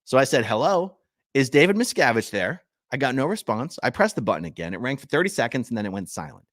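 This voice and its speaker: A man's voice: mid-range voice, sing-song, very fast, fairly bright tone, no room sound, studio quality. A man hosting his channel, reading legal documents aloud and stopping for chatty asides to his viewers. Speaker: channel host.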